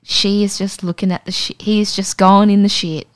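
A woman, co-hosting a casual podcast and telling an animated story, acting out the voices. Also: mid-range voice, normal speed, smooth, dry recording. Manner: animated, acts out voices in stories. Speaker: podcast co-host.

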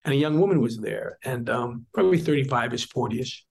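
A man's voice: medium pitch, animated, a little fast, creaky, darkish tone, slightly rough, poor audio. A man in his sixties, a district attorney, speaking earnestly in an interview and telling stories with frequent restarts. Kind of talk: interview talk.

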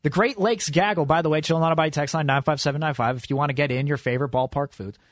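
Man, radio host, playful quizzing, slightly high voice, dry close mic. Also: rapid-fire, no room sound. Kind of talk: sports radio banter.

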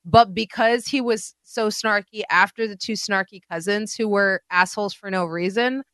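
Casting: bright, higher-voiced woman co-host, blunt and animated, dry close mic. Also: normal speed, dry recording. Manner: animated, blunt, swears freely, mixes in Hindi-Urdu words. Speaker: podcast co-host. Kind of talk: casual chat.

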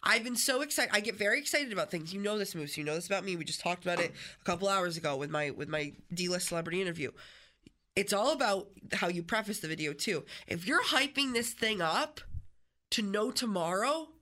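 A woman hosting a radio show in a studio, telling stories in an animated, chatty way with many restarts. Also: mid-range voice, fairly quick, slight background noise. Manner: animated storytelling, frequent restarts. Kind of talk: casual on-air chat.

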